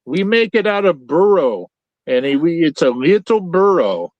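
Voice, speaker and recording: A woman's voice: fairly low pitch, sing-song, moderate pace, no echo, highs cut off, voice pushed up. A man putting on a bad mock Mexican accent for a waitress who brags about her burritos. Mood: boastful. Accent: mock Mexican Spanish.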